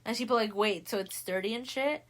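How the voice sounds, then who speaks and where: A young woman talking fast and loose as she recaps a book, heavy on slang and swearing. She throws herself into the characters' lines with sudden bursts of voice, keeping a loose, unscripted chat feel. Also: fairly high pitch. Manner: animated, acts out characters' lines in quick voices. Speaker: podcast host.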